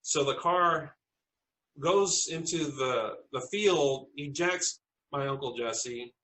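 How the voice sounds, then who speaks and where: A man from South Texas, a podcast interview guest, earnestly telling personal stories with halting restarts. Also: mid-range voice, sharp tone, rough recording.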